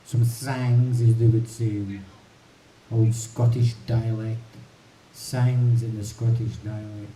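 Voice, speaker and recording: A man's voice: fairly low pitch, completely flat delivery, a little slow, dark tone. A man hosting a livestream from his home, chatting casually and thinking aloud between songs. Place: home in the mountains. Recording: roomy, distant mic, faint hiss.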